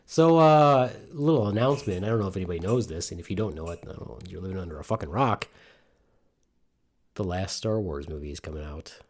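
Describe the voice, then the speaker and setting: A middle-aged man from Michigan hosts a casual podcast from his home studio, rambling, joking, and swearing plenty. His voice sits low, and he talks fast and animatedly.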